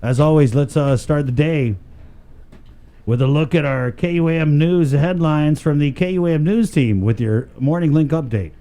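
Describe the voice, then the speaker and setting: Brief: male morning-radio host, mellow and a bit high, easygoing and jokey, studio mic. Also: moderate pace. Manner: loose and jokey, many fillers. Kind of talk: casual radio banter.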